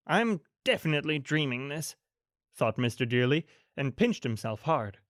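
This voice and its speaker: Expressive man reading a bedtime story. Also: fairly high pitch, no room sound, studio quality. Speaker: audiobook narrator.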